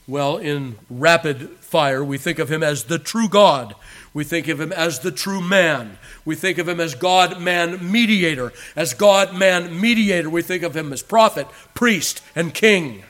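Man, pastor, sermon, slightly high voice, emphatic, loud and hushed by turns. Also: unhurried.

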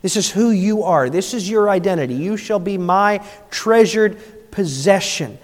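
A man preaching a sermon as pastor, dropping to soft, low passages and then rising into emphatic appeals. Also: big-room sound.

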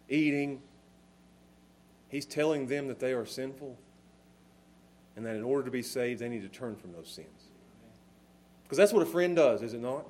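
A man preaching a sermon with passion, dropping to a hush and then rising to shouts. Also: mid-range voice. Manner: impassioned, swinging from hushed to shouting.

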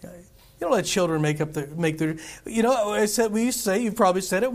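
A man's voice: high-pitched, fairly quick. A middle-aged man preaching a sermon in a church, talking with the congregation in a conversational way and asking them questions. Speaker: pastor. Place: church sanctuary.

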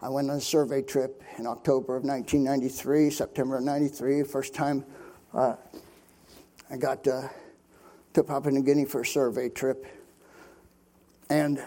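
A man's voice: medium pitch, little pitch movement, moderate pace, pauses often, warm tone. An older man from Pennsylvania, a missionary preacher, telling his testimony in a folksy sermon style full of fillers. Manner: folksy storytelling with many fillers.

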